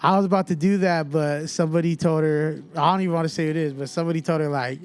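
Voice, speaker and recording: A man's voice: on the high side, fast talker, smooth. A young adult man from Fresno, a rapper guest telling a story in casual chat and acting out the people in it. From Fresno, California. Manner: animated storyteller who acts out other people's voices.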